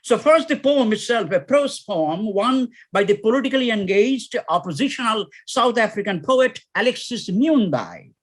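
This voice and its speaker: A man giving a plenary academic lecture, reading a poem aloud dramatically with shouted refrains. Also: high voice, expressive, normal speed, hardly any pauses. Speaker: plenary speaker.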